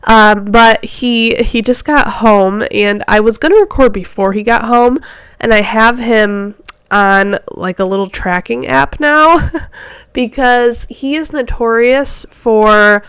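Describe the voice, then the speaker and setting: A woman with a fairly high voice hosts her own podcast from a home office, chatting in a loose, rambling way. Her voice is smooth and clear but stuffy and nasal from a cold, and she runs a bit short of breath. The sound is dry and close, with no room echo. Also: slow pace, fairly bright tone. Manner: chatty and rambling, many fillers. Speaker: podcast host and fitness coach. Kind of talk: casual solo podcast chat.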